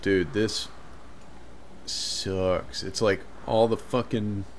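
Deep-voiced man in slow gaming commentary. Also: fairly even intonation, slight background noise. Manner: swearing, startled exclamations, laughs. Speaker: gaming channel host. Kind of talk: casual let's play commentary.

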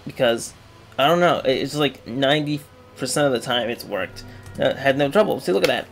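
A young man giving casual, rambling commentary over a retro game, swinging from mumbling asides to loud excited outbursts. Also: medium pitch, moderate pace, creaky, faint music behind. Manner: rambling, excitable, yelps and laughs when the game goes wrong. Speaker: gaming video creator.

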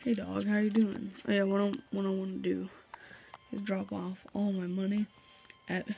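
A man's voice: sits high, completely flat delivery, moderate pace, vocal fry, warm tone, a little hiss or hum. A young man hosting a let's play video, chatting casually and reading game dialogue aloud. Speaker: gaming video host. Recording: faint game music behind.

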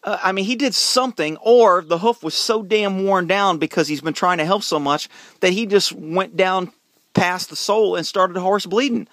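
A man's voice: sits high, normal speed, a bit bright, dry recording, studio quality. A middle-aged man and horse trainer, ranting bluntly and with exasperation to camera, swearing and stumbling over repeated words when worked up. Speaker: horse trainer and channel host.

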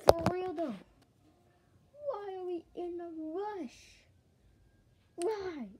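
High, lively woman voicing toy characters. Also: drawn-out words, very noisy. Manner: excitable, switches voices between characters. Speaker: toy skit narrator and voice performer. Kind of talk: playful toy role-play skit.

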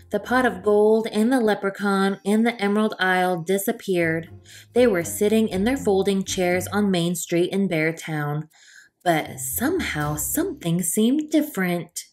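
A woman's voice: mid-range voice, measured pace, a little mellow, faint music behind. Woman reading a children's storybook aloud. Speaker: storytime reader.

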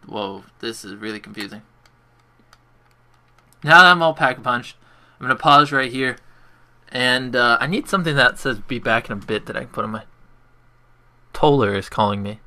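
A man's voice: mid-range voice, moderate pace, pauses often, pushed and bright. A man chatting casually on a gaming livestream, rambling to himself as he plays and talking with a friend on a call. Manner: rambling, talks to himself while playing. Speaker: streamer.

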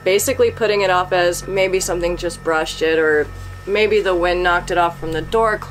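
A woman's voice: lowish voice, normal speed, faint music behind, low-quality recording. A mother giving an earnest, worried account in a documentary interview. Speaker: mother describing her home.

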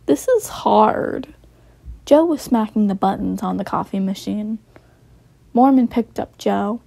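A woman's voice: a little high, slow pace, vocal fry, warm tone, dry recording. A woman casually reading her own story aloud, with giggly, chatty asides and slang.

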